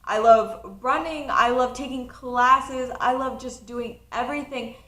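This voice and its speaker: A nineteen-year-old woman telling a personal story in a casual vlog, chatty and animated, often laughing. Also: fairly high pitch, measured pace, echoey room. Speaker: college student vlogger.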